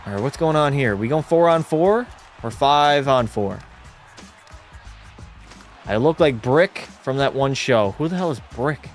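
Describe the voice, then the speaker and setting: A man's voice: medium pitch, animated, unhurried, pauses often, faint music behind. A man hosting a hockey watch party stream, calling the play and answering chat in a laid-back way. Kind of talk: casual live-stream commentary and chat reading.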